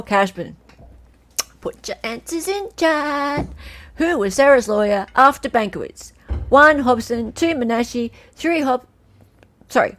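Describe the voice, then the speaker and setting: An Australian woman hosting a casual livestream, chatting, laughing and reading out quiz questions and viewers' names. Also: on the high side. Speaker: livestream host.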